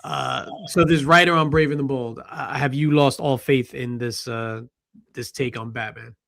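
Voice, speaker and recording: A man's voice: medium pitch, steady tone, normal speed, gravelly, fairly bright tone. A man hosting a casual pop culture panel show, joking around and reading out viewer comments. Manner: jokey, reads chat comments aloud. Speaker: host.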